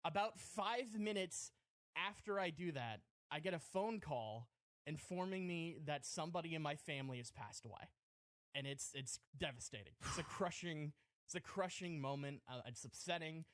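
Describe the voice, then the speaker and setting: A man's voice: fairly high pitch, normal speed, fairly bright tone, no room sound. A man on a podcast telling a self-mocking comic story, rambling and breaking into laughter. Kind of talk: casual comedic storytelling.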